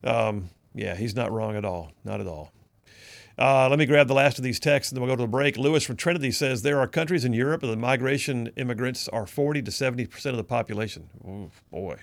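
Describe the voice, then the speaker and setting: A man's voice: mid-range voice, quick pace, gravelly, no echo. A man hosting a talk radio show, reading out listener texts in a folksy, chatty way. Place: radio studio.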